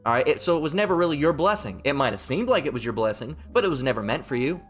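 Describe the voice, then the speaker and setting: A man delivers a fiery, profane Bible commentary in a slightly high voice. His pitch swings widely as he mocks and repeats himself. Quiet guitar music plays in the background. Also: sing-song, racing. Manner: mocking, profane, repetitive. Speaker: Bible teacher.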